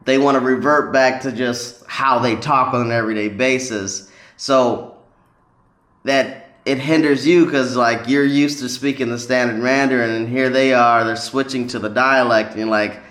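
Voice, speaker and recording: A man's voice: medium pitch, fairly even intonation, normal speed, a bit bright, echoey room. A man talking casually to camera about learning languages, rambling with many ums and restarts. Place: lives in a city in northern China.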